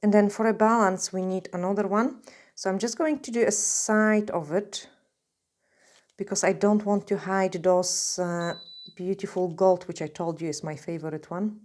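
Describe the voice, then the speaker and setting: A woman's voice: medium pitch, fairly even intonation, normal speed, darkish tone. A woman nail artist talking through a tutorial in a chatty, gushing way, full of fillers, while she is losing her voice. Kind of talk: casual tutorial narration while working.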